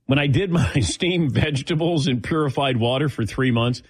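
A husky, medium-pitched voice belongs to a middle-aged show host taking audience questions. At normal speed he spins a chatty personal story, imitating the voices of those he quotes, in a dry recording.

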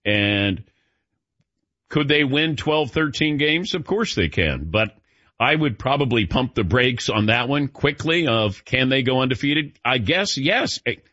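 A man's voice: medium pitch, expressive, unhurried, fairly bright tone, no room sound. A man hosting a sports radio show, chatting casually, joking and telling anecdotes. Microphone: studio mic. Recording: dull, dry studio sound.

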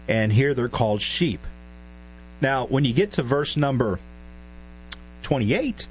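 A man's voice: medium pitch, a little hiss or hum, poor audio. A man preaching an expository Bible lesson, emphatic and throwing rhetorical questions at the listeners.

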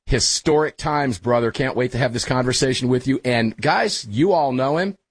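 A male radio talk show host, chatty and energetic, speaking into a studio microphone in a small studio. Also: medium pitch, normal speed, breathy edge, dry recording. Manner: energetic, chatty, calls everyone brother. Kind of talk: casual talk radio hosting. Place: small hot studio full of equipment.

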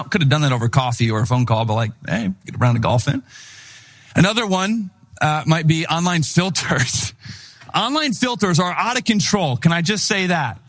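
A middle-aged male pastor preaching a sermon, with a slightly high voice and a lively, chatty delivery. His pitch swings a lot as he acts out the people he quotes.

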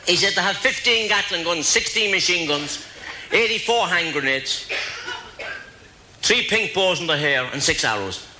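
Bright Irish man telling jokes. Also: high-pitched, animated, a little hiss or hum, poor audio. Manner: tells jokes with slow punchlines, laughs at his own gags. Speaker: comedian. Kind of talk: stand-up storytelling.

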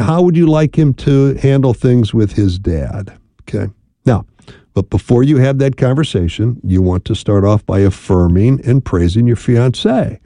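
A man hosting a call-in radio advice show as a marriage therapist, speaking in a calm, measured way and often checking in with "right?". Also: medium pitch, no echo.

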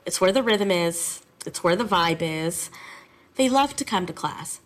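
A woman's voice: lowish voice, unhurried. A woman music teacher talking casually and animatedly in an interview. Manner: animated, chatty.

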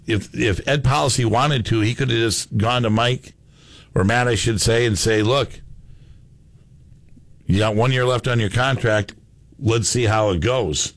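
A man co-hosting a sports radio show in casual, chatty talk, reading out listener messages. His voice sits at a middle pitch. The studio sound is dry and close. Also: dry recording.

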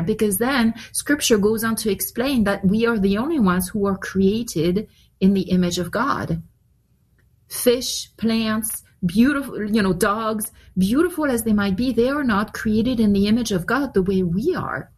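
Woman guest on a radio interview, slightly husky, earnest. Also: on the high side, a little mellow. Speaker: Bible teacher, guest.

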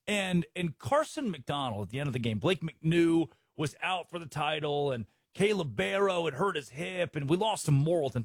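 A male sports talk host delivering a heated, opinionated monologue. His voice is fairly high and husky, and it swings widely in pitch as he rants. The sound is close and dry, with no room around it. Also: dry recording. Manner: animated, ranting, storytelling with repeated restarts.

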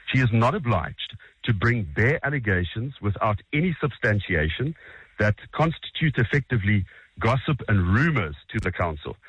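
A man's voice: fairly low pitch, fairly bright tone, slightly rough, dry recording, highs cut off. A South African man speaking in a blunt, combative way, correcting his opponent in a broadcast political debate. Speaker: opposition politician.

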